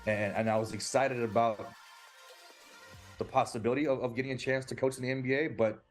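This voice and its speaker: A man's voice: mid-range voice, steady tone, a little fast, soft background music. A man in his forties, a basketball coach, telling an emotional story in an interview, full of restarts and acted-out quotes. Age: 40s. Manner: earnest, emotional, many restarts, acts out quoted speech.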